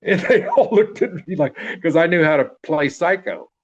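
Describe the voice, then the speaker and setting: A man's voice: on the high side, animated, moderate pace. An older man in his seventies telling a long personal story in a rambling, profane way, acting out what people said. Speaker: interviewee telling a life story. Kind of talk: casual spoken anecdote. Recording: dull, muffled lo-fi recording.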